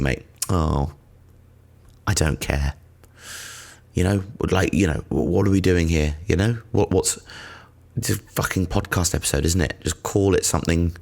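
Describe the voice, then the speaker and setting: Solo comic host, low gravelly male voice, rambling and sardonic, swears freely. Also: steady tone, normal speed. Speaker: comedian podcast host. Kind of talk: solo comedy podcast monologue.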